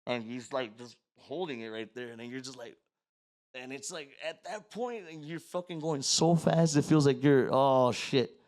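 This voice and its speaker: As a guest on a podcast, a man casually tells a long story, cursing freely and sliding into Spanish now and then. His voice is medium-pitched and a little mellow, at a normal speed.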